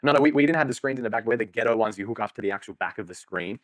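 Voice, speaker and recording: A man's voice: on the low side, fairly bright tone, no echo. A young man, joking and swearing freely in a casual podcast chat. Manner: rapid, joking, swears freely, laughs often.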